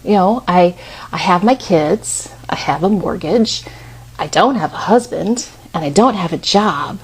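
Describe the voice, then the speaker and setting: A woman of about fifty giving a storytelling talk in a conversational, expressive way. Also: on the low side, a little slow, breathy edge. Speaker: speaker.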